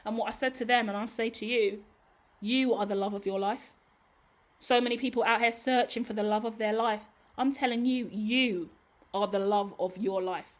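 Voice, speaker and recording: A woman with a somewhat high voice delivers a tarot reading straight to her audience. She talks in an emphatic, sassy, blunt way, like a pep talk that doesn't mince words. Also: steady tone, moderate pace. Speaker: tarot reader. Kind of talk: tarot reading monologue to camera.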